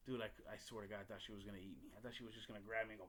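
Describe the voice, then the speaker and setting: Man, podcast host, casual storytelling, swears a lot, rambles, bright forceful tone. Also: fairly low pitch, rapid-fire, hardly any pauses. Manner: blunt, profane, rambling with restarts.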